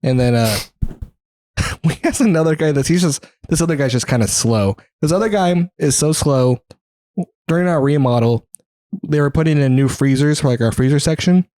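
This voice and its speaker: A man's voice: on the high side, normal speed, warm tone, no room sound. A young man co-hosting a podcast, telling stories in casual chat, laughing often and swearing a lot. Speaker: podcast co-host.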